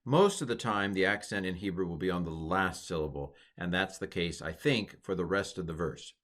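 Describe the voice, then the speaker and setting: A man teaching a recorded language lesson, patiently quizzing the learner and pausing for answers. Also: low voice, a bit bright.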